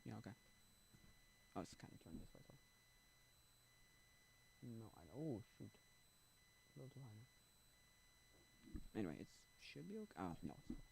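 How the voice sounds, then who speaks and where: Male streamer, casual and rambling, very lively intonation, light background noise. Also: on the low side, moderate pace, vocal fry, pauses often. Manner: rambling, thinking aloud, sings along at times. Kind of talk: casual livestream chat.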